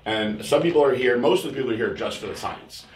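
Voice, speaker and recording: Guy rambling thru a crude story, does high silly voices for people, echoey room. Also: quick pace, slight background noise. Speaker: podcast host. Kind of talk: casual storytelling chat.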